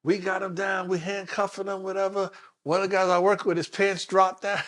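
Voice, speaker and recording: A man, a detective telling stories in a relaxed interview. His voice sits high for a man, and he slips into other people's voices as he tells his stories. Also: a little fast. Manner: animated storyteller, acts out other people's voices. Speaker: retired police detective, guest. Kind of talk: casual storytelling interview.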